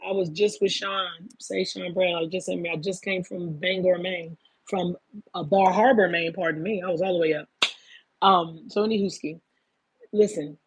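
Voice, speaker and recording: A woman's voice: fairly low pitch, fairly even intonation, moderate pace, husky, no room sound. A woman in her fifties giving a casual spiritual monologue, emphatic and profane, often calling listeners "baby.". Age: 50s. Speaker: spiritual talk host.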